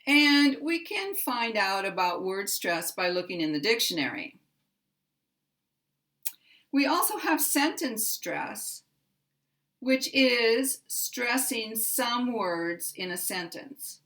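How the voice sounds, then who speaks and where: Very slow, deliberate American woman teacher. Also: on the high side, sing-song, a bit bright. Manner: exaggerated stress and intonation for demonstration. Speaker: pronunciation teacher.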